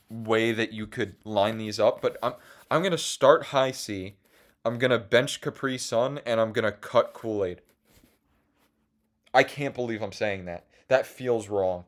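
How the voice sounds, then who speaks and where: A man in his twenties talking casually on his own podcast, rambling and swearing, and at times choked up. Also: mid-range voice. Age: 20s. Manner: rambling, full of restarts and swearing. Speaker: podcast host. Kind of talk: casual solo chat.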